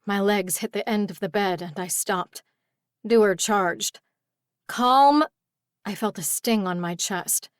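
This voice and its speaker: A woman reading a first-person urban fantasy audiobook at a mid pitch, with a tired, exasperated edge. The recording is very dry and close, with no room sound. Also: no echo. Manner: tired, exasperated heroine voice in dialogue. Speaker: audiobook narrator.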